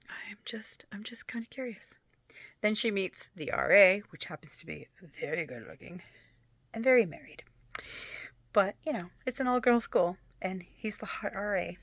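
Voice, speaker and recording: A woman's voice: lowish voice, no echo. A woman vlogger chatting casually about books and telling a funny story from work, often sliding into a whisper. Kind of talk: casual chat.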